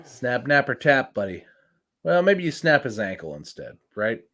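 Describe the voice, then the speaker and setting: A man's voice: mid-range voice, very animated, normal speed, a bit bright. A man co-hosting a casual podcast, brash and joking, throwing out exaggerated threats. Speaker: podcast co-host. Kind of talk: casual chat.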